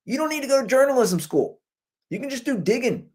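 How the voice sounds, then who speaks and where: High, lively-voiced man ranting. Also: brisk, breathy edge. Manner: animated, jokey, talks over clips. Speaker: podcast host. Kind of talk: ranting commentary on viral videos. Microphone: computer's built-in mic.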